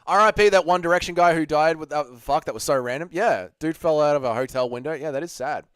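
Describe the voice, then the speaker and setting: A man's voice: a little high, quick pace, fairly bright tone, clear, resonant tone, dry recording, studio quality. Hungover Australian man streaming. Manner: laid-back, sweary, laughs easily. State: hungover and low energy. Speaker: livestream host. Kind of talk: casual livestream chat reading viewer messages.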